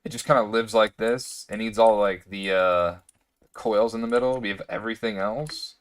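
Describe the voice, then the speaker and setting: A man with a lowish, steady voice talks to himself at a normal speed while playing a computer game. He's a gaming streamer giving casual gameplay commentary, rambling and hiccuping now and then throughout the session.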